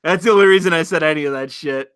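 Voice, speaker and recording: High, bright-voiced man ranting profanely on a stream. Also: clear, resonant tone, no room sound, clean studio sound. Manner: rambling, profane, deliberately provocative. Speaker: livestream host reading chat. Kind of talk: casual livestream rant.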